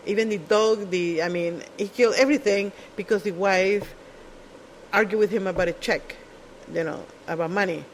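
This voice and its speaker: Casual monologue, blunt, profane, sarcastic, non-native English phrasing, middle pitch. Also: a little hiss or hum, low-quality recording. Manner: blunt, profane, sarcastic, mimics other people. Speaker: show speaker.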